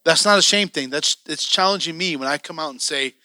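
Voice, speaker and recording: A man preaching a passionate sermon as a church elder, telling stories and acting out his own excitement. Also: fairly high pitch, a little fast, few pauses, no room sound, clean studio sound.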